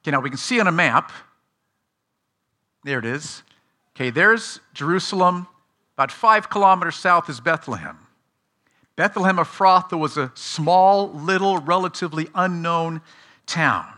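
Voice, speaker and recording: A man delivers a children's sermon in a bright, forceful voice that sits a little high for a man. He quizzes the young listeners and praises their answers. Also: expressive, normal speed, long pauses. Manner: asks the audience questions and praises answers. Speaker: pastor teaching children.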